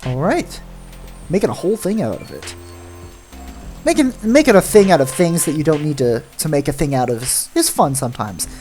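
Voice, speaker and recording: A woman hosting a let's play, giving relaxed, amused commentary on the game. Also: low voice, normal speed, faint music behind. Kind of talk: casual gameplay commentary.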